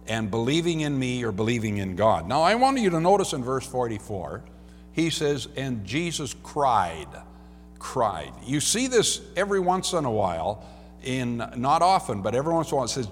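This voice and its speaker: A man's voice: mid-range voice, big pitch swings, a little slow, faint music behind. Man preaching in a reverberant hall. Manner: preaching, rising to loud cries then dropping soft. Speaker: pastor. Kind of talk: sermon with scripture reading and prayer. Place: church sanctuary.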